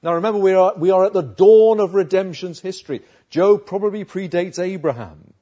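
A man's voice: high-pitched, fairly quick, warm tone, lo-fi sound. A man preaching a sermon, reading scripture verses aloud and then explaining them in a conversational way.

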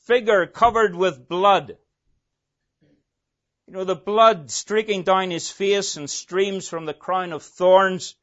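A man preaching a sermon, telling the story dramatically and swinging between loud emphasis and hushed asides. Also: high voice. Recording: dull lo-fi recording.

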